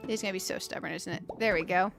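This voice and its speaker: Over music, a woman with a lowish, gravelly voice talks fast with fairly even intonation. She hosts a gaming channel's casual let's-play, chatting to viewers while she builds and thinking aloud in a playful, self-mocking way.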